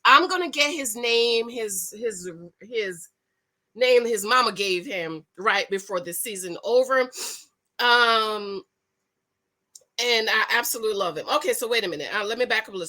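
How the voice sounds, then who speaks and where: Female vlogger, casual recap chat, slightly high, bright tone; effusive, rambling, self-correcting.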